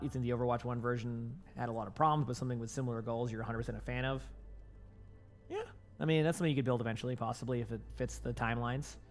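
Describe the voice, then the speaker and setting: A young gaming streamer from the Boston area, with a light Boston accent, chats casually with viewers in a medium-pitched, slightly bright voice. He rambles, full of fillers and restarts.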